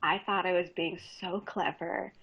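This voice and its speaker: Low-ish woman comic, laughs a lot telling her stories, kinda muffled audio. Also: flat delivery, moderate pace, husky. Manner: candid, laughs often while telling stories. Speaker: guest comedian. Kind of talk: casual podcast interview.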